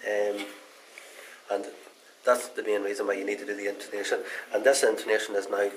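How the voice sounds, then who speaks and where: A man talks through a casual guitar repair demo in loose, rambling sentences. His voice sits a little on the low side, and his tone stays folksy and unhurried. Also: little pitch movement, rough recording. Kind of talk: casual how-to demonstration.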